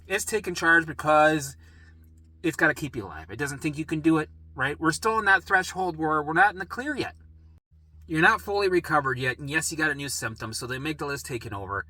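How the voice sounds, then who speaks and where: A man's voice: fairly high pitch, lively intonation, fairly quick, sharp tone. A man talking straight to camera as a recovery coach, blunt and swearing, acting out panicked thoughts and often tagging sentences with "right?". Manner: keeps asking "right?". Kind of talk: direct-to-camera talk.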